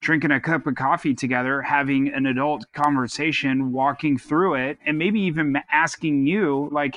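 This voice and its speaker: A man with a bright, forceful voice, recorded dry and close, talks through advice on a casual podcast. He is earnest and rambles, restarting his sentences often. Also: on the high side, steady tone, normal speed, hardly any pauses, dry recording. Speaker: podcast co-host. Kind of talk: casual advice-giving talk.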